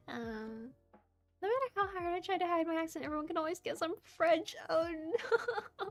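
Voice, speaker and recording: A young woman streamer chatting casually with her viewers while she works on art. She giggles often and keeps apologizing in a friendly, self-deprecating way. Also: high-pitched. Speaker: VTuber streamer and model rigger. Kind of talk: casual livestream chat. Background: soft background music.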